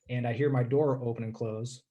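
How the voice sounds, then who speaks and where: A man's voice: mid-range voice, lo-fi sound. Candid, rambling man telling his story. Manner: candid, rambling, frequent "like" and "dude", clears throat often. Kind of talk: casual storytelling.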